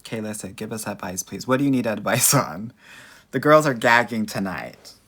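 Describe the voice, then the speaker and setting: A man's voice: on the low side, expressive, normal speed, a bit bright. A man coaching on dating in a live Q&A, reading viewer comments aloud in a sassy, flamboyant way and calling listeners honey and girl. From United States.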